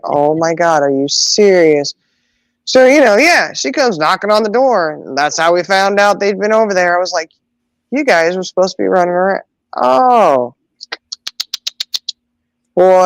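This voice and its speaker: Animated woman telling stories. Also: fairly low pitch, dry recording, poor audio. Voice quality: animated, acts out voices in quotes. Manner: laughs often, drawn-out exclamations. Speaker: podcast host. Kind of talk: casual chat, storytelling.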